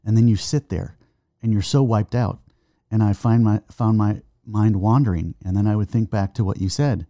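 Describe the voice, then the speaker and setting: Middle-aged man, earnest testimony, halting delivery, dark mellow tone, dry close sound. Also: fairly low pitch, fairly even intonation, no echo. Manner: earnest, halting with restarts, recites scripture slowly. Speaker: guest, son of the host. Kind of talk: personal faith testimony in conversation.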